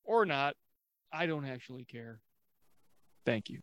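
A man's voice: mid-range voice, expressive, measured pace, a bit bright, no echo. A man co-hosting a comedy podcast with a dry, mock-formal, sarcastic delivery. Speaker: podcast co-host. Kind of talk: comedic casual chat.

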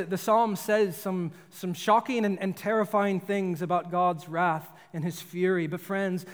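A man preaching a sermon in earnest, often repeating words and restarting phrases as he goes. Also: high-pitched. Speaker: pastor. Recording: long hall reverb.

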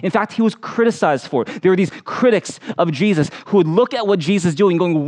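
A man preaching a sermon as pastor, telling personal stories in an animated way and acting out the voices in them. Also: high voice.

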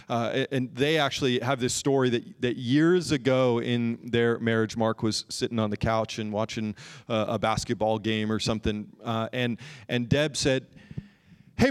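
A man preaching a sermon in an earnest way, slowing down and drawing out key phrases for emphasis. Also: mid-range voice. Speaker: pastor.

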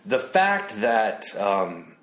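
Lowish man with a roomy echo. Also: very animated, very slow, fairly bright tone. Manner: reflective, reads quotes aloud, laughs easily. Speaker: podcast co-host. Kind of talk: casual conversational discussion.

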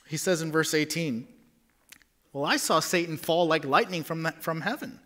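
A pastor in his thirties preaching with a bright, ringing tone. He drops to near-whispers for tender points and surges loud for emphasis. The man's slightly high voice carries lively energy. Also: moderate pace. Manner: dynamic, swings from hushed whispers to loud emphasis. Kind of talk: sermon.

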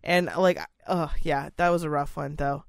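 A young woman co-hosting a podcast, telling crude stories in a giggly, animated way. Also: low voice, normal speed, vocal fry, dry recording, studio quality. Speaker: podcast co-host. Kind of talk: casual chat.

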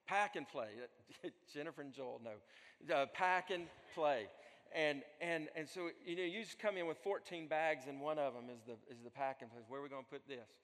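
A man's voice: a little high, animated, moderate pace. Dynamic male pastor in a reverberant sanctuary. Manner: dynamic, swings from loud pleading to soft near-whisper. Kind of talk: sermon. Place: church sanctuary. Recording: long hall reverb.

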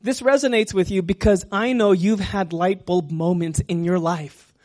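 A man preaching a sermon as pastor, talking gently and sometimes dropping to a whisper. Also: high voice, fairly even intonation. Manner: slow, gentle, drops to a whisper at times.

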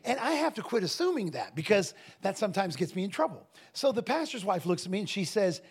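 A man telling a story in a casual, animated way, laughing often and restarting his phrases. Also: high-pitched, quick pace, husky. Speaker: guest minister telling a story.

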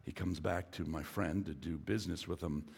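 A man's voice: sits low, fairly even intonation, normal speed, vocal fry, darkish tone, breathy edge, big-room sound. A middle-aged male pastor preaching a sermon, telling a story and building to emphatic preaching.

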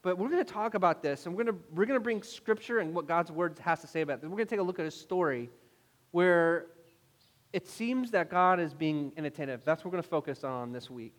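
A man preaching a sermon as pastor, telling stories in an animated way with mock-exasperated asides. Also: on the high side, fairly quick. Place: church hall. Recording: long hall reverb.

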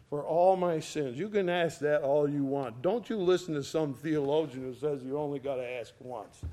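A man's voice: fairly high pitch, mellow. A man preaching a sermon, reading scripture verses aloud and explaining them, with swelling emphasis on key words. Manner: slow, emphatic, rising and falling in volume for emphasis.

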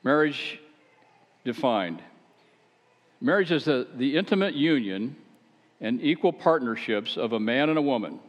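A man's voice: mid-range voice, expressive, unhurried, pauses often. Chatty preacher man in an echoey hall. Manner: chatty and rhetorical, with wry asides and self-deprecating stories. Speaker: pastor. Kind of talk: conversational sermon. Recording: echoey hall, dull lo-fi sound.

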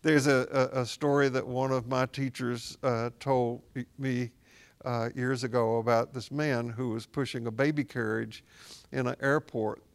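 Gravelly-voiced man telling gentle stories. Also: mid-range voice, level tone, measured pace. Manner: reflective storyteller, gently wry. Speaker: spiritual director. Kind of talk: casual conversation on Buddhism and spirituality.

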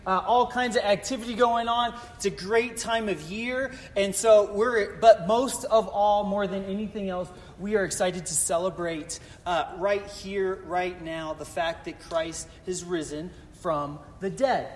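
A pastor telling a chatty, self-deprecating story from the pulpit. His voice sits high for a man. It carries a long echo through the church sanctuary. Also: fairly even intonation, a little slow, hardly any pauses, slight background noise. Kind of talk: sermon.

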